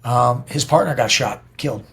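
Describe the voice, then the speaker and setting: A man's voice: mid-range voice, moderate pace, vocal fry, fairly bright tone, breathy edge. Middle-aged guy on a podcast, blunt and sweary, tells stories with lots of punch. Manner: blunt, profane, emphatic storytelling. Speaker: podcast guest. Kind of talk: casual interview talk.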